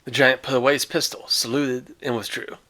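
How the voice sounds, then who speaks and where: A man's voice: medium pitch, flat delivery, a little fast, bright, forceful tone. A man reading a short story aloud with dramatic phrasing and casual, offhand asides. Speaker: reader.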